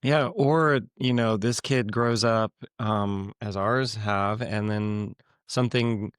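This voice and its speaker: A middle-aged man co-hosting a parenting podcast, speaking calmly in a casual conversation. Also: on the low side, takes it slowly, clean tone, no room sound, studio quality. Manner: calm, brief affirmations.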